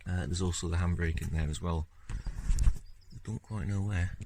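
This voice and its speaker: Low-voiced man, rambling and relaxed. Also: unhurried, background noise. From Scotland. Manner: relaxed, rambling, many fillers and "yeah"s. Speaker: car-repair vlogger. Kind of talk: casual video diary narration.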